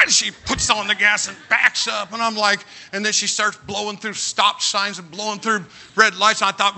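Male preacher, high sharp voice, comic animated storyteller who breaks into shouts. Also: moderate pace, few pauses. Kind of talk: humorous storytelling sermon.

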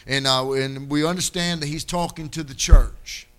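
Pastor in his thirties, bright ringing tone, testimony into fiery preaching. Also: a little high, steady tone, soft background music. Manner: rising to loud, drawn-out preaching. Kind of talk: sermon with personal testimony.

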